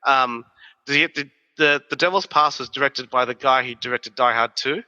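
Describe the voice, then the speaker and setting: A man, co-hosting a podcast and telling stories in a lively, swearing, casual way. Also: mid-range voice, moderate pace. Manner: animated, profane storytelling. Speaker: podcast co-host. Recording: dull, reverberant recording.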